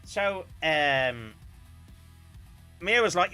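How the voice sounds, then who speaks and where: A man chatting casually on a stream, telling a story with animated bursts of loud, laughing shouts. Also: fairly high pitch, normal speed, long pauses, faint music behind.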